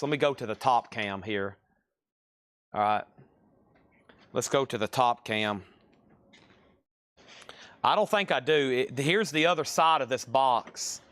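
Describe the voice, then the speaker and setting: A talkative man runs a live-streamed sale of records and cassettes, wandering off into asides between prices. His voice sits at an ordinary pitch. The sound is dry and close, with almost no room around it. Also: a bit bright, no echo. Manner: chatty, rambling, names items and prices. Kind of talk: casual live-stream selling.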